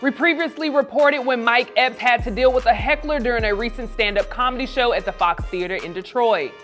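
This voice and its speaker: Fairly high voiced woman news host, upbeat, soft music under her. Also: brisk. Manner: upbeat, excited greeting. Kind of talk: scripted news read then interview.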